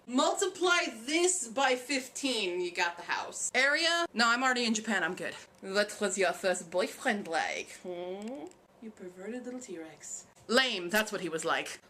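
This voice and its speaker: Young woman vlogger, fairly high voice, dry sarcastic jokes, quick Q&A. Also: bright, forceful tone. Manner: sarcastic, jokey, self-mocking. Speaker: vlogger answering viewer questions. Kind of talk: casual Q&A vlog.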